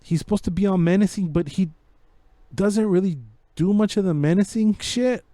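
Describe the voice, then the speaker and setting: A man's voice: high voice, normal speed, warm tone, no echo, clean studio sound. A man co-hosting a podcast, ranting casually about a movie, swearing and slipping into Spanish slang. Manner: rambling, profane, code-switching into Spanish slang. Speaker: podcast co-host. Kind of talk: casual movie review chat.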